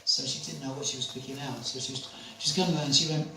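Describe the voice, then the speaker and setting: A man's voice: medium pitch, steady tone, fast talker, bright, forceful tone. An older man giving a spiritual talk, chatty and anecdotal, who laughs often. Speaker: spiritual speaker. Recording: echoey room, distant mic, faint noise.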